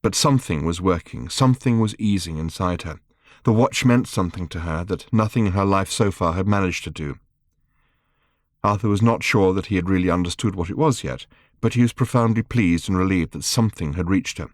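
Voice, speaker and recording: A man reading his own book aloud as an audiobook narrator, in a wry, measured storytelling manner. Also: low-pitched, dry recording, studio quality.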